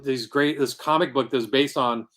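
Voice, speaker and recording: A man's voice: mid-range voice, steady tone, moderate pace, fairly bright tone. A man talking as a guest on a podcast, telling how he founded a comic convention in an earnest, rambling way. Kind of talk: casual podcast interview.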